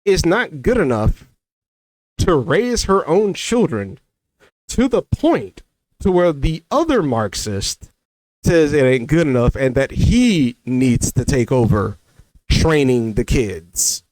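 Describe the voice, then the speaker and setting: A man's voice: a little high, big pitch swings, slow, darkish tone, no room sound. Heated man ranting, dry close sound. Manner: heated, argumentative, repeats himself. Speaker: commentary creator. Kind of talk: ranting commentary to camera.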